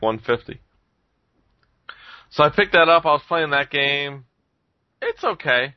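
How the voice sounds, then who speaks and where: A man's voice: mid-range voice, no room sound. Rambling man on a dull, dry mic. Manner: rambling, chuckles often, lots of ums. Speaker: podcast host reviewing games. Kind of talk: casual chat.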